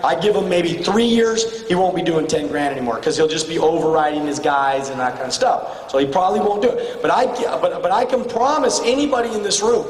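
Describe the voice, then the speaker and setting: Guy giving a pep talk to a sales crowd, blunt and swearing, far off in a big echoey hall with faint room noise. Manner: blunt and profane, swings between shouting and low intense tones. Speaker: motivational speaker at a sales retreat. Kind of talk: motivational speech to a room. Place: large hall with an audience.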